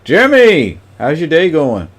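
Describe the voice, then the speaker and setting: A man's voice: fairly high pitch, wildly swooping pitch, slow pace. A man chatting casually on a livestream, greeting viewers by name and rambling with lots of fillers.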